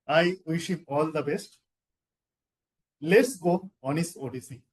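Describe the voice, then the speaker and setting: A man's voice: a little high, slow pace, a little hiss or hum. A man giving a formal introduction of a speaker. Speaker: meeting introducer.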